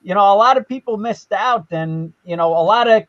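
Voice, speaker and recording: A man hosting a casual live-stream chat, rambling and excitable with many restarts. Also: high voice, a little fast. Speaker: host. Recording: lo-fi, dull sound.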